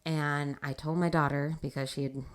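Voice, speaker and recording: A woman hosting a casual faith talk show, telling a personal story in an animated way and laughing often. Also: sits low, normal speed, clear, resonant tone. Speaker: podcast host.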